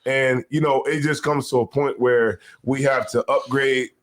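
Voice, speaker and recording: A man's voice: medium pitch, steady tone, unhurried. A man hosting a casual live podcast, with a hype roll-call delivery and lots of "you know" fillers. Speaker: host.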